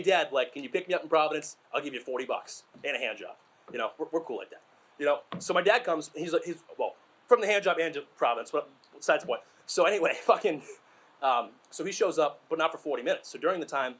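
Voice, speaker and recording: His voice fairly high and fairly bright, a young stand-up from Massachusetts is out of breath as he tells crude, rambling stories that knock himself down. Asides and filler words crop up throughout.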